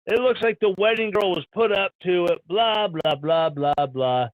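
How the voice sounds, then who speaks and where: A man's voice: sits high, normal speed, dry recording, lightly acted. A man doing a hammy mock-Italian gossip. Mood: sly. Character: man with a crude fake Italian accent, gossiping. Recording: dull lo-fi stream audio.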